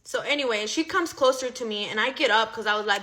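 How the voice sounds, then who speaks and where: A woman's voice: fairly high pitch, fast, pushed and bright. A young woman casually telling a personal story, chatty and profane, with lots of "like.". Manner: chatty, profane, heavy use of "like".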